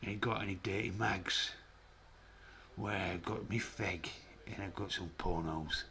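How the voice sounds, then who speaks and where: Man putting on a crude boozy lad, gruff and lowered, slow and lazy. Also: bright, forceful tone, a little hiss or hum, heavily acted. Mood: leering.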